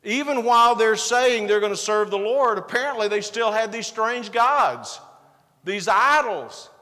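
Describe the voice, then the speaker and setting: A man's voice: high voice, lively intonation, measured pace, pushed and bright, big-room sound. A man preaching a sermon as pastor, building to emphatic bursts and acting out the back-and-forth quotes of the passage.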